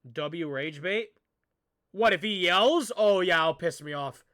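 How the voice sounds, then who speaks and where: A man giving a casual reaction commentary as a streamer, excitable and rambling, talking straight to his viewers. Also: sits high, a little slow.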